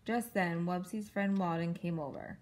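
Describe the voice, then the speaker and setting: A woman at home reading a picture book aloud to a child in a clear, patient storytelling manner. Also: lowish voice, fairly even intonation, moderate pace, a little mellow, low-quality recording.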